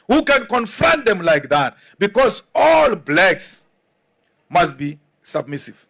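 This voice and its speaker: A man's voice: high voice, very animated, slow, pushed and bright. A man from Africa, giving an emphatic, rousing political speech with mocking asides. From South Africa.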